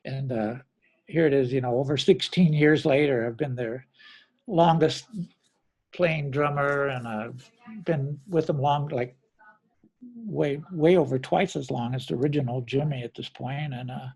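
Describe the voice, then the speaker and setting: A gravelly, slightly mellow voice with a breathy edge, medium in pitch and moderate in pace, belongs to a middle-aged Midwestern drummer. Being interviewed, he tells casual, rambling anecdotes, often correcting himself and performing quotes.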